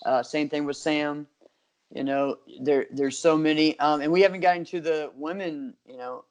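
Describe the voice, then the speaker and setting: A man's voice: on the high side, fairly even intonation, normal speed, clear, resonant tone. A middle-aged man co-hosting a martial arts podcast, talking in an easygoing, nostalgic way. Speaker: podcast co-host. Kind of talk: casual chat.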